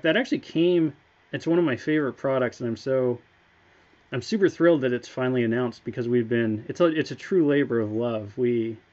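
A man's voice: mid-range voice, a little mellow, dull audio. A man on a game studio's livestream, telling a story in an enthusiastic, chatty way. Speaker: game studio staff member. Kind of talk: casual livestream chat.

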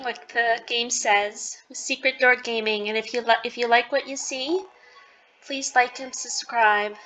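A woman hosting her gaming channel, talking emotionally and softly as she plays through a story game. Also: a little high, low-quality recording. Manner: emotional, gushing and soft-spoken. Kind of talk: let's-play commentary.

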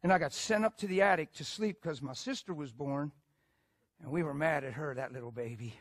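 Man, preacher, sermon storytelling, emphatic, fairly high voice, dry close sound. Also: brisk, no echo. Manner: animated, emphatic, swings from loud to hushed.

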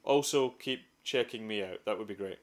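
A man's voice: on the low side, normal speed. A young Scottish man hosting a comedic gaming vlog, telling stories dramatically and swearing freely. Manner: profane, dramatic storytelling with sudden outbursts. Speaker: gaming vlogger. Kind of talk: comedic scripted vlog narration.

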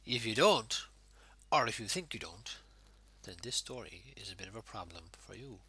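A man's voice: lowish voice, lively intonation, normal speed, pushed and bright, a little hiss or hum. A man with an Irish accent, a pastor giving an informal home worship sermon in a conversational way with fillers.

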